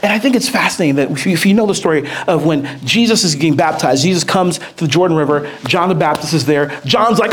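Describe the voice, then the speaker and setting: A man preaching a sermon, moving between steady scripture reading and lively, excited retelling. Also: a little high, fast talker. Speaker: pastor.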